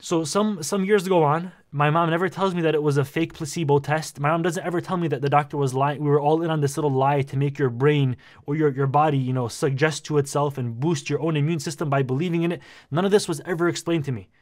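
A young man vlogging, telling a personal story in a casual, animated and slangy way. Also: fairly high pitch, fast talker. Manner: animated, slangy, says "bro" a lot.

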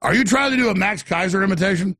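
A man's voice: sits high, fast, pushed and bright, no echo, studio quality. A male talk radio host taking calls, blunt and intense, who questions callers and mocks them.

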